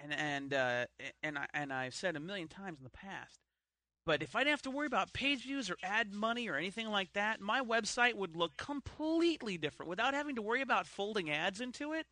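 A man's voice: sits high, expressive, brisk, sharp tone, no echo. A man co-hosting a podcast in casual, joking chat, breaking into silly voices. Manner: joking, bursts into put-on voices and laughter. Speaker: podcast co-host.

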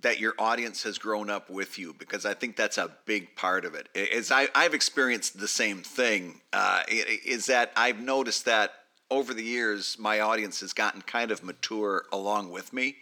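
A man's voice: on the low side, moderate pace, sharp tone. A man co-hosting a webcomics podcast, chatting casually and joking playfully about how words are pronounced. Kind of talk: casual chat.

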